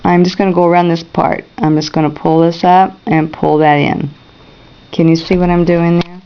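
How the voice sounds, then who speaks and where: A woman's voice: lowish voice, flat delivery, moderate pace, clean tone, dull audio. A woman teaching a painting class, talking viewers through each brush stroke and checking in with them. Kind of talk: step-by-step painting demonstration.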